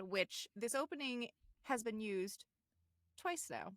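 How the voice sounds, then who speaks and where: Woman podcast co-host, casual chat, giggly, very lively and animated pitch, bright tone, dry close sound. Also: no room sound. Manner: giggly, quotes lines in quick put-on voices. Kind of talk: casual chat recapping a cartoon episode.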